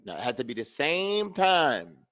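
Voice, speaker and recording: A man teaching Quran pronunciation in an online class, slowly demonstrating sounds and repeating syllables for his students. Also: mid-range voice, sing-song, fairly bright tone, lo-fi sound. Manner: chuckles at his own trick questions.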